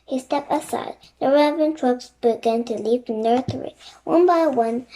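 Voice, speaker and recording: A young reader narrating a children's chapter book aloud in a steady, plain read-aloud way. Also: sits high, normal speed. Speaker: storybook reader.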